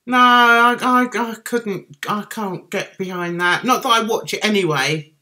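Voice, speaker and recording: Cockney woman, middle-aged, unhurried chatty livestreamer with a bright voice. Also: mid-range voice. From London, England. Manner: chatty, reads out and answers viewers' comments. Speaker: livestream host reading chat. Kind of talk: casual chat.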